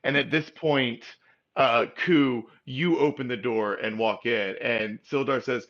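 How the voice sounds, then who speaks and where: A man's voice: medium pitch, slow, a bit bright, dull audio. A man narrating as game master in a loose, rambling way, while losing his voice. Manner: loose, rambling with many fillers.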